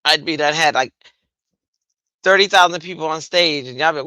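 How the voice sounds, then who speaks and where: A woman chats casually through a late-night craft stream, her voice bright and forward. She tells stories with animated asides, recorded close and dry with no room sound. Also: sits low, moderate pace, no room sound, poor audio. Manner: chatty, animated storytelling with playful voiced asides. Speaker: livestream craft host. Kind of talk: casual chat.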